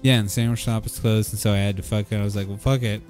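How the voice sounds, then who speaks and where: A man with a fairly low voice tells a story on a casual podcast, talking in a lively, animated way. He acts out what other people said as he goes. Faint music plays underneath. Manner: animated, quick storyteller who acts out quotes. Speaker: podcast host.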